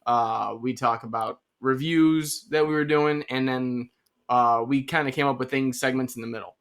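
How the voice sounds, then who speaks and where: A man of medium pitch hosts a casual podcast interview while getting over a cold. He tells stories in an eager, rambling way. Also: moderate pace, clear, resonant tone. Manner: energetic, rambling storyteller. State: has a cold. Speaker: podcast host.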